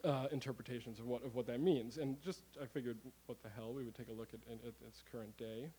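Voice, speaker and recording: A man giving a live comic talk to an audience, animated and rambling, with many fillers and the odd curse word. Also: medium pitch, fast, slight background noise, poor audio. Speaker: comedic presenter.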